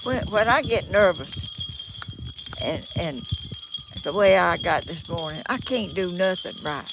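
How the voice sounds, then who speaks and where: A woman's voice: on the low side, expressive, measured pace, gravelly, noisy background. Flustered Southern woman on a live stream. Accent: Southern American. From Georgia, United States. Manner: flustered and self-deprecating, restarts a lot; folksy rural speech. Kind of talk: casual live-stream chat. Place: outdoors in the sun. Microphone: phone or tablet.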